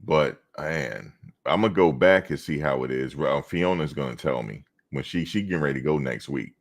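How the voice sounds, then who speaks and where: A man's voice: very deep voice, normal speed. A man chatting casually on a livestream, telling rambling stories and talking straight to his viewers. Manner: rambling, loose storytelling, talks to chat viewers. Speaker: reaction streamer.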